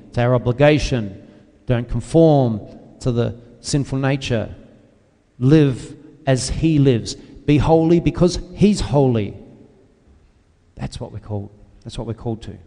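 A man's voice: mid-range voice, dark tone, in a large hall. A man preaching a sermon with emphatic, repetitive phrasing, calling out to the congregation for an amen. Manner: emphatic preaching, repeats key words, asks the congregation "Amen?".

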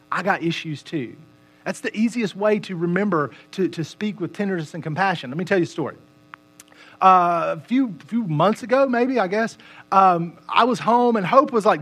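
A man's voice: high voice, a bit bright. A middle-aged man, preaching a sermon in a conversational, self-deprecating and joking way. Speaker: pastor.

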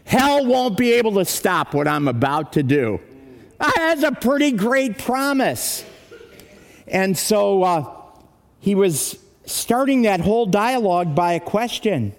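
A man's voice: high-pitched, very animated, a little slow. A man preaching as a pastor, telling a dramatic story and dropping his voice for the heavy moments. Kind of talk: sermon storytelling. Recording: long hall reverb.

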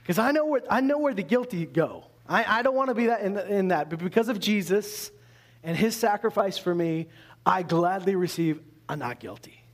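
High-voiced man preaching a lively sermon. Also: normal speed. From Canada. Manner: conversational, animated preaching with rhetorical questions. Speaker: pastor.

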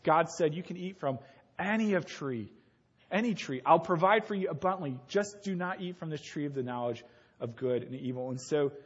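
A man's voice: on the high side, muffled recording. A man preaching a sermon in a conversational way, using homely examples and speaking to the kids in the congregation. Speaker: pastor.

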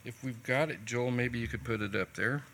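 Bright-voiced man preaching conversationally. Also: medium pitch, normal speed. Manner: conversational, folksy, retells dialogue. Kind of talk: sermon with personal storytelling.

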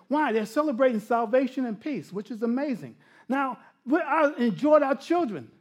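A middle-aged man preaching a sermon, telling personal stories with frequent laughter and sliding from animated bursts into hushed, intimate passages. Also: extremely high pitch, normal speed. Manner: animated storytelling that drops to hushed, intimate tones. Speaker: pastor.

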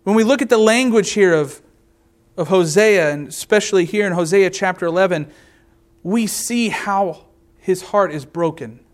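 A man preaching a sermon, reading scripture aloud and explaining it verse by verse, earnest and slowing down to stress key words. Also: sits high. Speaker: pastor.

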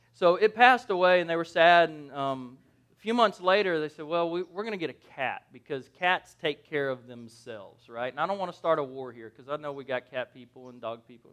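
A man with a high voice delivers a sermon in a loose, conversational way. He jokes, keeps asking his listeners "right?" and often restarts or corrects himself mid-sentence. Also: a bit bright, clear, resonant tone. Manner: conversational, jokey, asks the audience "right?". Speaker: pastor.

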